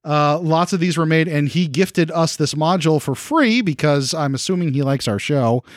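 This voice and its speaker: A man with a fairly high voice acts as game master, recapping the story so far. He talks in a laid-back, stop-and-start way, full of fillers, in a dry, close sound. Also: normal speed, no room sound. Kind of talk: recapping a tabletop game for a podcast.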